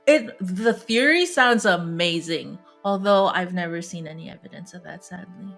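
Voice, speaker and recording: A woman's voice: lowish voice, moderate pace, vocal fry, fairly bright tone, soft background music. A woman playing a tabletop game, speaking in a playful, giggly way. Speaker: player. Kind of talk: casual tabletop play.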